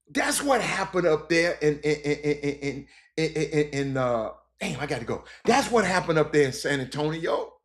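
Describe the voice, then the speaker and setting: A man's voice: a little high, animated, moderate pace, hardly any pauses. A middle-aged man, talking casually to viewers as a sports host, rambling with lots of fillers and restarts. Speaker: sports broadcaster and show host. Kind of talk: casual live-stream chat with viewers.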